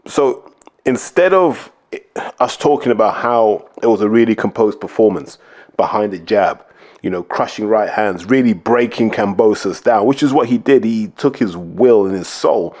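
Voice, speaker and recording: A man's voice: on the low side, expressive, moderate pace, a little mellow. Blunt man ranting about boxing. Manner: blunt, emphatic, lists points to drive them home. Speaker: podcast host, boxing pundit. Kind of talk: opinionated casual commentary.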